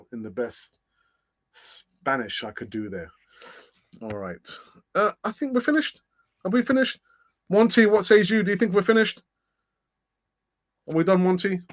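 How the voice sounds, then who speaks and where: A man's voice: high-pitched, sing-song, a little slow, long pauses. A middle-aged man hosting a casual live stream, chatting and reading out comments, laughing often and thinking aloud with fillers. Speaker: host of a fan channel live stream.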